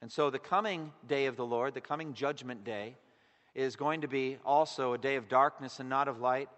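A man preaching a sermon in an earnest way, his voice swelling loud on key words and then dropping to a hush. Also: mid-range voice, moderate pace, highs cut off. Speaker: pastor. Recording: long echo of a large hall.

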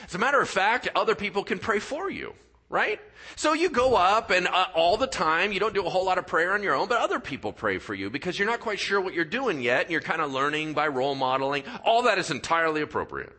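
A male pastor preaching a sermon in church, telling stories with acted-out voices and dropping to quiet, earnest tones for his key points. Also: sits high, quick pace. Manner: animated storyteller, acts out voices and sound effects. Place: church sanctuary.

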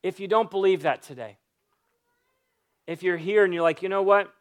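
A man's voice: high voice, moderate pace. A male pastor preaching an Easter sermon and leading prayer, earnest and pleading, repeating phrases for emphasis.

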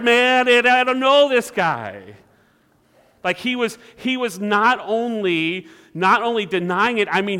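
Pastor guy preaching, kinda high bright voice, acts out the quotes, church hall echo. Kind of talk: sermon.

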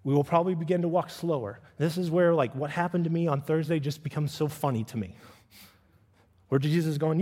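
A middle-aged man preaching a sermon as pastor, acting out quoted voices with animated swings of pitch. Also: a little fast. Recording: long reverb of a church hall.

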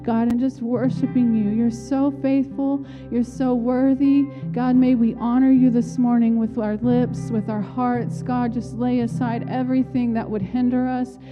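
A woman's voice: fairly high pitch, flat delivery, measured pace, few pauses. A woman leading a church service, welcoming the congregation and praying aloud in an earnest, heartfelt way, repeating her phrases. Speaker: worship leader. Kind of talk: church welcome and spoken prayer. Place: church sanctuary. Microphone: handheld microphone. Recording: slightly dull sound with soft guitar behind. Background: soft guitar music.

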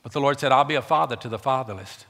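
A man's voice: medium pitch, rapid-fire, a bit bright. A man preaching a sermon as pastor in a church, emphatic and repeating words for stress. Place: church sanctuary. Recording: long reverb of a large church.

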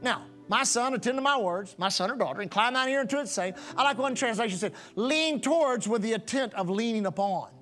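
A man's voice: extremely high pitch, expressive, a little fast, hardly any pauses, a bit bright, soft background music. A man preaching a sermon as pastor, repeating phrases in a rhythmic cadence for emphasis.

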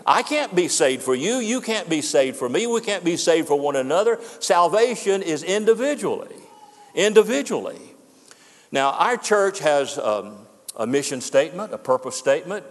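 A man's voice: fairly high pitch, very animated, moderate pace. An older man preaching his farewell sermon as pastor, earnest and emphatic, repeating words for weight. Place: church sanctuary. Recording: long hall reverb.

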